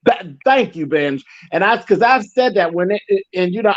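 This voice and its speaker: A man's voice: high-pitched, animated, a little fast, few pauses, dry recording, dull audio. A man speaking as a guest on an online panel chat, blunt and emphatic, repeating points for force.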